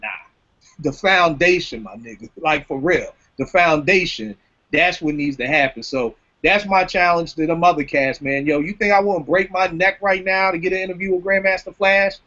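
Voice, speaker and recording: A man hosting a casual podcast chat, talking with animated, slangy emphasis. His voice sits fairly high for a man. The recording sounds dull and lo-fi. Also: normal speed. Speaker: podcast host.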